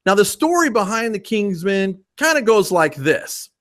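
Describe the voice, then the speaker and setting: A man's voice: high-pitched, big pitch swings, normal speed, a bit bright. A man hosting a movie review podcast, upbeat and chatty. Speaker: podcast host. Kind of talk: casual movie review chat.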